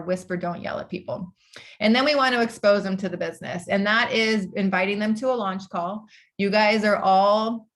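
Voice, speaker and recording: Upbeat woman coaching recruits on a video call. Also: medium pitch. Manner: casual and upbeat, laughs often, fills with "like". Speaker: team leader training new recruits. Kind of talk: motivational training call.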